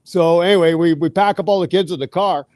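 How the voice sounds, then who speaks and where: Middle-aged man, high voice, dry close mic, animated storyteller. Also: fairly quick, dry recording. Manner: animated anecdote with acted quotes and laughs. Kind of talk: casual storytelling.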